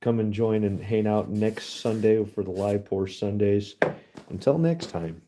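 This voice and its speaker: A man hosting a casual live stream outdoors on a cold night, chatty and laughing often, his voice going hoarse. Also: on the low side, a little slow, noisy background. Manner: chatty, laughs often, addresses viewers as guys. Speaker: livestream host.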